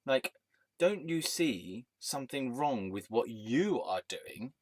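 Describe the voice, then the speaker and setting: Speaking slowly yet very animated, a medium-pitched man launches into a rambling, angry rant about something that happened to him. He swears and keeps restarting his sentences in this casual storytelling monologue.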